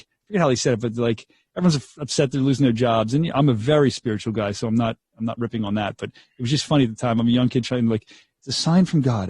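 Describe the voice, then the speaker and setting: Fast-talking radio DJ man. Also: medium pitch, slightly rough, no room sound, clean studio sound. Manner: animated, acts out quotes, laughs often. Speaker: radio DJ guest. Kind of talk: storytelling interview.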